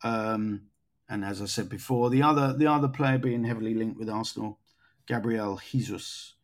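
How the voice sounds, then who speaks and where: A man's voice: mid-range voice, a little fast. A man hosting a casual football podcast, thinking aloud with frequent fillers and restarts as he goes through transfer news. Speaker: podcast host.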